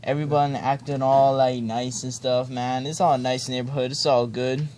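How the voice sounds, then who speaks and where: A man's voice: mid-range voice, little pitch movement, moderate pace, darkish tone, slight background noise. A young man mock-reading a children's storybook aloud, ad-libbing with laid-back slang and joking asides. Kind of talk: comedic ad-libbed storybook reading. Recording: friends chatting and laughing nearby.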